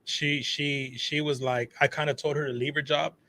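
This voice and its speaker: A man in his thirties telling stories in casual chat, profane and animated, calling everyone bro and dog. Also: a little high, moderate pace. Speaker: podcast guest, phone shop owner.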